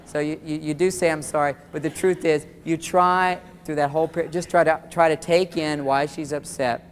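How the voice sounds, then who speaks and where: Lively male seminar speaker, talks right at the crowd, playacts little exchanges; long hall reverb, faint tape hiss. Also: fairly high pitch, normal speed. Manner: animated, acts out quoted dialogue, addresses audience directly. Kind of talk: live seminar lecture.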